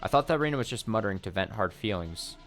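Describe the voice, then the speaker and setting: A man hosting a let's play, reading a visual novel's text aloud in a steady voice with short wry asides. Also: fairly low pitch, fast, soft background music.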